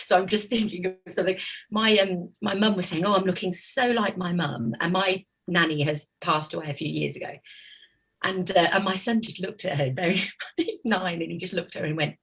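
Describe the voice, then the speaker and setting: A woman chatting casually about her autistic son, telling animated stories and laughing often. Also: fairly low pitch, normal speed, husky. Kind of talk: casual group chat.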